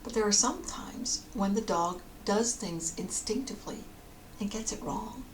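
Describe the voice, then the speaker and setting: A woman counsellor giving a calm, explanatory podcast talk, sometimes dropping to a near whisper. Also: medium pitch, unhurried, slight background noise.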